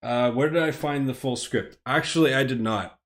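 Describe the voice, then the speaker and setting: An American man reads a script live for his stream viewers, breaking off into rambling, self-deprecating asides. His voice sits at an ordinary male pitch and his talk is loose and unscripted. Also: normal speed. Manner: rambling and self-deprecating, chuckling between phrases. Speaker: streamer, host.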